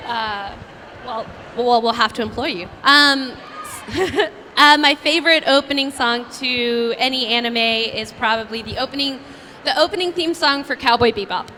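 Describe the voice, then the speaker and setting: A young actress answers fans at a convention panel in a high, bright voice. She rattles through stories with a bubbly, self-mocking ease, full of "like" and quick asides. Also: big-room sound, a little hiss or hum. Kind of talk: animated storytelling at a fan Q&A.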